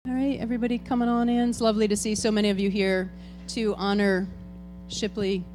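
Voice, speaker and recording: A woman's voice: mid-range voice, flat delivery, a little fast, a little mellow, slight background noise. A woman serving as board president, hosting a farewell tribute and talking to the congregation in a chatty, informal way. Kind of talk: ceremony address to a congregation. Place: church hall with an audience.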